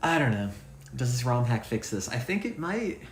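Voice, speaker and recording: A man's voice: mid-range voice, very animated, moderate pace, slight background noise. A man streaming a game, rambling and thinking aloud with a self-deprecating, offhand manner. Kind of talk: casual let's-play commentary. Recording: echoey room sound.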